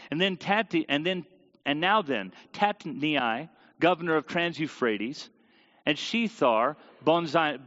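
A man preaching a sermon and reading scripture aloud, animated and sometimes tripping over hard names. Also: a little high. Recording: dull audio with long hall reverb.

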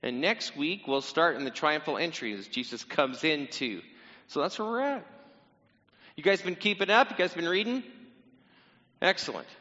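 A man with a somewhat high, bright voice preaches a casual sermon and teases his congregation as he goes. His voice rings out with a long reverb in a large hall. The recording sounds muffled and lo-fi. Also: lively intonation, normal speed, pauses often. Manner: casual, teasing, talks directly to the congregation. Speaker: pastor.

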